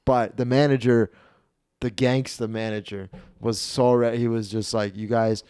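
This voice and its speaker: A man hosting a comedy podcast, telling a story in an animated, profane way and acting out the people in it. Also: mid-range voice, measured pace, smooth, no room sound, studio quality. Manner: animated, profane, acts out the people in his stories. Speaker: podcast host.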